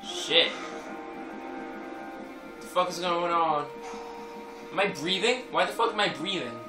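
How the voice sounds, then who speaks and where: High-voiced, cursing game commentator. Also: male voice, slow, recorded from a distance. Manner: profane, loud outbursts, laughing. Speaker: gameplay commentator. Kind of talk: let's play commentary. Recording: echoey room, game music behind.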